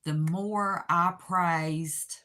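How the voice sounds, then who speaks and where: A woman's voice: fairly low pitch, steady tone, drawn-out words, sharp tone. An older woman speaking as a channel host, giving an earnest, heartfelt personal testimony. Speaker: channel host sharing her faith and grief.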